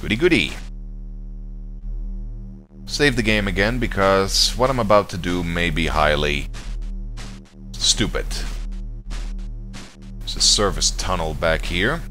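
A man's voice: sits low, measured pace, long pauses, pushed and bright, soft background music. A man commenting casually on a video game he is playing, joking and reading game text aloud. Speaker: let's play commentator.

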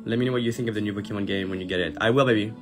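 A man in his thirties with a French accent talks in a lively, casual way as he reads viewer comments and answers them. His voice sits a little low. Music plays clearly in the background the whole time. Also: racing. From France. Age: 30s. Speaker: drag performer on a livestream. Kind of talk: casual livestream chat reading comments. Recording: music playing behind the voice.

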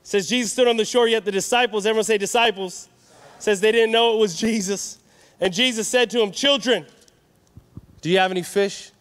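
A man from California preaching a sermon at a youth conference, energetic and calling for answers from the crowd. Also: high voice, fairly quick. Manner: energetic, call-and-response with the crowd. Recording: reverberant hall.

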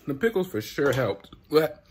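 A man's voice: fairly high pitch, slight background noise. Young man, vlogger, loose slangy delivery, recorded on a handheld phone indoors. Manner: loose slangy talk, keeps asking "you get what I'm saying". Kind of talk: casual vlog to camera. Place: indoors in a room at home. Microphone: handheld phone camera.

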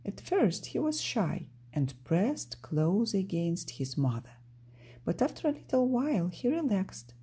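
A woman narrating a children's storybook aloud in an expressive storytelling manner. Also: medium pitch, unhurried, husky.

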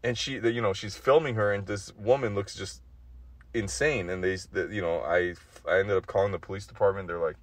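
A man's voice: fairly low pitch, steady tone, fairly quick, dry recording. A man in his forties telling a rambling, profane story in a casual monologue, with nervous little laughs. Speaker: vlogger.

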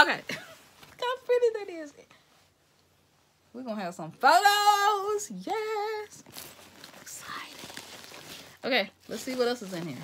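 Excitable woman with lively pitch. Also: slight background noise. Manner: excitable, addresses viewers as "y'all", slips into whispers. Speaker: vlogger opening gifts. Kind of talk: casual unboxing vlog.

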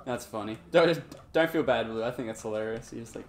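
During a live game stream, a man with a brisk, mid-range voice gives relaxed commentary and chats with viewers. He laughs often and hums along to the game music playing in the background.

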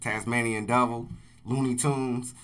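A man hosting a casual music reaction, excitable, repeating lines back and calling out "bro". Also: mid-range voice, a little slow. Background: faint music.

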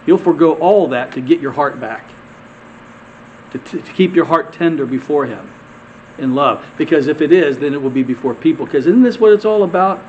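A male pastor preaching a conversational sermon, asking the congregation questions and repeating words, swinging from emphatic peaks to quiet asides. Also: a little high, expressive, moderate pace, dull audio, a little hiss or hum.

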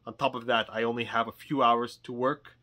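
A man's voice: medium pitch, flat delivery, brisk, sharp tone. A man hosting his toy store vlog, telling a story in a rambling, jokey way. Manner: rambling, jokey, acts out quotes.

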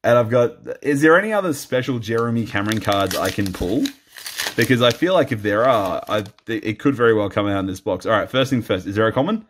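A man's voice: fairly low pitch, expressive, a little fast, a little hiss or hum. A man commenting casually on a trading card box opening, playful and self-mocking, laughing often.

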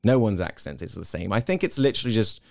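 A quick, lively English man with a fairly low voice, sitting in as an interview guest and spinning anecdotes with quoted voices. The sound is close and dry, with no room around it. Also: vocal fry, dry recording. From Hong Kong. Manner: animated storyteller, slips into quoted voices. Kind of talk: casual interview chat.

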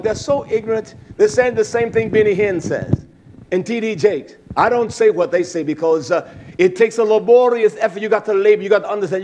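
A man with a high voice preaching a fiery sermon. He drops to low mutters, then climbs into loud, impassioned outbursts. His delivery is full of emphatic repetition. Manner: impassioned, shifts between low mutters and shouts; acts out bickering voices in his stories.

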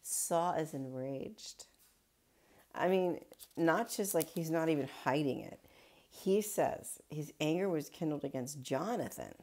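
A woman's voice: low voice, animated, a little slow, darkish tone. A woman pastor giving a casual daily Bible reflection, retelling the story in a chatty way with wry asides.

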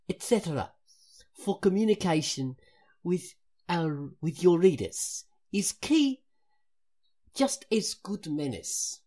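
A woman's voice: on the low side, mellow. Woman putting on a mock South African accent. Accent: put-on South African.

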